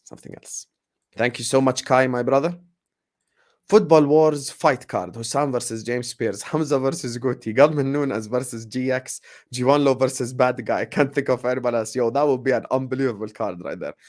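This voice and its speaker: Late-20s guy doing a chill live q&a for his football channel, animated, keeps repeating himself. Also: mid-range voice. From grew up partly in the UAE. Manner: animated, repeats phrases, warm thanks to viewers. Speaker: YouTube football channel host. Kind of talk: casual live Q&A chat.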